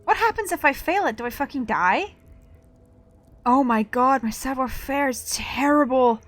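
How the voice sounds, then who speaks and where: A woman streaming a video game, reacting with excitable, swear-filled casual commentary. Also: high voice, normal speed, no echo.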